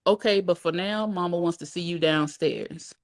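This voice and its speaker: A woman voicing an eager, hurried younger sister. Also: lowish voice, no echo, studio quality, lightly acted.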